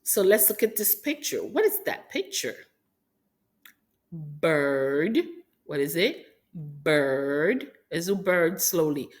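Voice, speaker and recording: A woman's voice: low voice, lively intonation, slow pace. A woman from Haiti teaching rhyming sounds to young children in an encouraging, sing-song teacher manner. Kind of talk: phonics lesson for young children.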